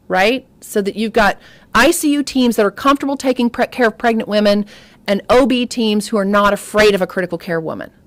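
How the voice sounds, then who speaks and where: A woman lectures at medical grand rounds, lively and chatty, turning to the audience with stories and asides. Her voice is recorded close and dry, with almost no room sound. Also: mid-range voice, dry recording. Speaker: obstetrics lecturer.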